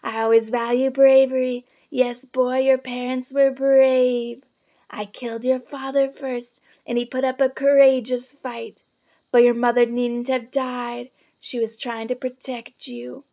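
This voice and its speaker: A woman voicing a cruel evil male dark wizard who snarls, hisses and screeches his commands in a storybook reading. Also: sits high, little pitch movement, unhurried, narrow, tinny audio. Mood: mocking.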